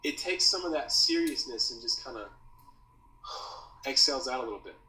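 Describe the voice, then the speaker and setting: A man teaching copywriting in a loose, slangy way, with a bright, lively voice. His pitch swings widely as he talks. He is recorded from some distance in a roomy space with echo and a faint hiss underneath. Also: moderate pace. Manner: slangy, loose, says dude and bro. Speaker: copywriting course creator teaching. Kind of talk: casual teaching talk.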